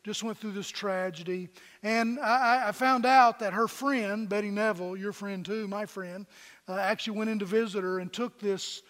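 A man with a high voice preaches a relaxed, conversational sermon, turning often to his congregation with questions. His talk has a folksy, plainspoken manner. The sound rings with the long reverb of a church sanctuary. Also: moderate pace. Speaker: pastor.

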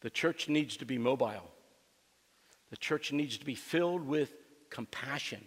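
A man's voice: mid-range voice, measured pace, breathy edge, in a large hall. A man preaching a sermon as a pastor, mixing a joking personal story with emphatic, repeated lines for his church. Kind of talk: sermon with humorous anecdote. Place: church sanctuary.

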